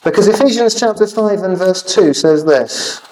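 Earnest male preacher, high-pitched, halting delivery, miked from a distance. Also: lively intonation, darkish tone, slight background noise. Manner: earnest, halting with repeated fillers. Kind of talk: sermon.

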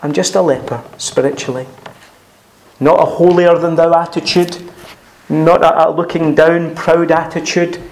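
A man preaching an expository sermon, earnest and emphatic, pausing often, repeating phrases and quoting scripture. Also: fairly high pitch, fairly even intonation. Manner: frequent pauses and restarts, clears throat.

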